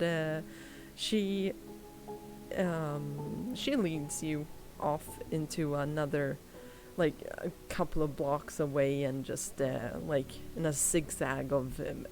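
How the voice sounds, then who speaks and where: A woman's voice: low-pitched, creaky. A woman narrating a tabletop game as game master, talking hesitantly with many fillers.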